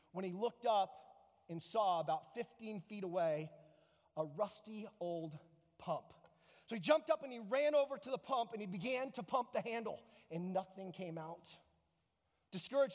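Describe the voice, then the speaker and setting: A pastor giving a sermon, telling a story in an animated way and repeating words for effect. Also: male voice, very high-pitched, in a large hall.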